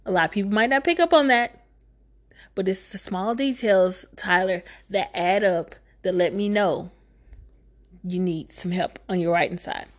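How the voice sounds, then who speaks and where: A woman recapping a movie in a casual, comedic way, talking fast, swearing freely, and making sarcastic asides. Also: mid-range voice. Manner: profane, sarcastic, talks fast.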